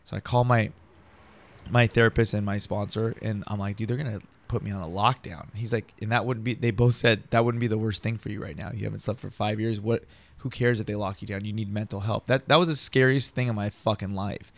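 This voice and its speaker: A man's voice: lowish voice, steady tone, brisk, creaky. A man telling a long personal story in casual, profane, rambling talk, acting out what others said.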